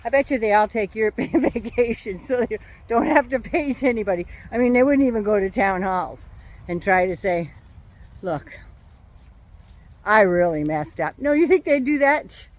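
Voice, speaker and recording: A woman's voice: fairly high pitch, animated, moderate pace. An older woman vlogging outdoors in her yard, talking to a phone or camera held at arm's length in a sarcastic, mocking casual rant.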